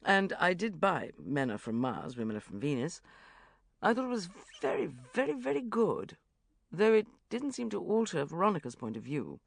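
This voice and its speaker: A woman's voice: fairly low pitch, big pitch swings, moderate pace, creaky, dry recording, studio quality, heavily acted. A woman voicing an earnest, polite, posh man going through a divorce, for an audiobook.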